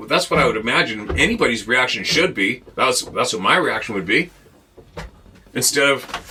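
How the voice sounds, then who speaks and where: A man hosts his show from a boat, ranting to camera in a blunt, profane, exasperated way. His mid-range voice is very animated, pushed and bright, at a normal speed, with slight background noise.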